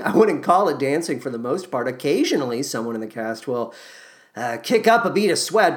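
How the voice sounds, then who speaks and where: A man hosting a podcast, reviewing a musical in a sarcastic monologue full of mocking, jokey asides. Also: on the high side.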